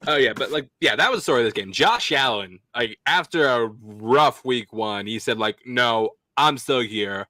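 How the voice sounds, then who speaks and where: A young man with a bright, ringing voice chats about football as the host. He rambles through his points with frequent fillers and restarts, recorded close and dry. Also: medium pitch, lively intonation, normal speed, no room sound. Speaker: podcast host. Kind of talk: casual sports chat.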